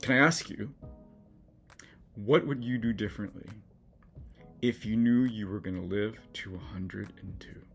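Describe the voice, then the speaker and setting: A middle-aged collage artist hosts a casual studio vlog to camera, chatty and encouraging and easily moved as he talks through his work. His voice is mid-range, creaky, pushed and bright.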